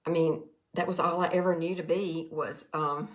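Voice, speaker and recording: A woman's voice: sits low, fairly even intonation, normal speed. Chatty woman in her sixties. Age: 60s. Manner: chatty, greets viewers by name, folksy. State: tired and nervous. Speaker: direct sales livestreamer. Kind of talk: casual livestream talk to viewers. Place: quiet room.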